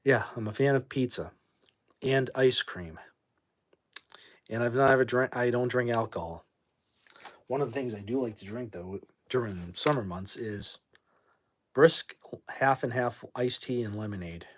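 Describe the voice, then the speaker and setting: A man's voice: medium pitch, measured pace, long pauses. A man from New England hosting a casual livestream, answering viewer comments and bluntly kicking out trolls as he rambles. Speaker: livestream host.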